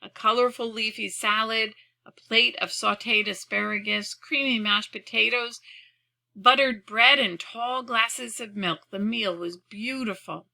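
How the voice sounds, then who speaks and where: A woman reading a children's storybook aloud, clearly and expressively. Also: fairly high pitch, fairly even intonation, measured pace, bright, forceful tone, rough recording. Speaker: audiobook reader.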